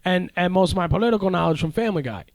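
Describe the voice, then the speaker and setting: Gravelly high-voiced young man. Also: expressive, rapid-fire, dry recording. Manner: crude, jokey, stammers. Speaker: co-host. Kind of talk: casual podcast chat.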